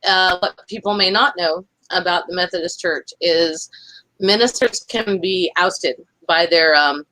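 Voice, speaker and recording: A woman's voice: on the low side, a little slow, pushed and bright, no room sound, low-quality recording. A woman from the Southern United States, chatting casually as a livestream guest, chatty and self-deprecating, apologizing a lot. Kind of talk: casual chat.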